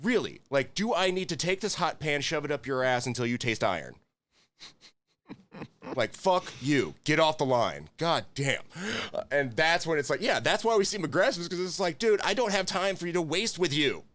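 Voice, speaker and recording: A man in casual podcast chat about kitchen life, swearing freely and laughing as he acts out his own outbursts. His pitch rises and falls a lot, and the recording is dry and close. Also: animated, moderate pace, fairly bright tone, dry recording. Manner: profane, laughing, acts out angry rants. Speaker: podcast co-host, chef.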